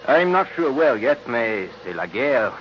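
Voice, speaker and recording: French officer, French accent, courtly, wistful, 1940s radio drama, faint hiss. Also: male voice, medium pitch, big pitch swings, a little slow. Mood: gracious. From France. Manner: formal, gracious, philosophical. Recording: dull lo-fi old radio recording.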